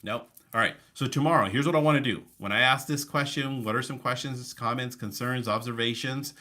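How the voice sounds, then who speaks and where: A man running a live online coaching session over a video call, talking with high energy and breaking it up with deliberate pauses and changes of pace. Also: sharp tone. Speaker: real estate coach.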